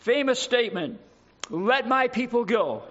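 A man's voice: very high voice, lively intonation, a little slow, fairly bright tone. A man preaching a sermon, reading scripture aloud with dramatic emphasis and adding his own asides. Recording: dull lo-fi recording.

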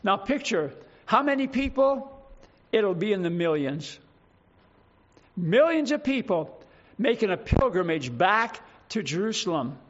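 Man, pastor, sermon, high voice, slow emphatic reading, rhetorical questions, muffled lo-fi sound. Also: very animated. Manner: reads scripture slowly with emphasis, asks the congregation questions.

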